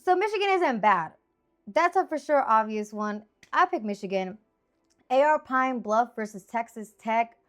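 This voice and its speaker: A woman in her thirties with a slightly high voice talks through her picks in a loose, chatty style. She rambles and jumps into excited exclamations, sounding animated and informal. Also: moderate pace, soft background music. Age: 30s. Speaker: sports picks host. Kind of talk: casual chatty sports picks.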